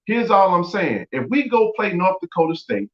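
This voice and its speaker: A man's voice: high-pitched, very animated, moderate pace. A man hosting a sports podcast, giving blunt, opinionated talk and repeating phrases for emphasis. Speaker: podcast host. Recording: echoey, dull lo-fi audio.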